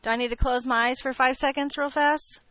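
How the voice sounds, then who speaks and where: Playful woman math teacher, slightly high. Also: steady tone, a little fast, a bit bright, no room sound, highs cut off. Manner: playful, joking with students. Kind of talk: classroom lecture. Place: classroom.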